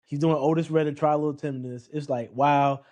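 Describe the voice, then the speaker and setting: A man's voice: a little high, quick pace. A man co-hosting a casual film review chat, telling stories animatedly and acting out lines. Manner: animated storyteller, recounts scenes and mimics lines. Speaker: podcast co-host reviewing a film.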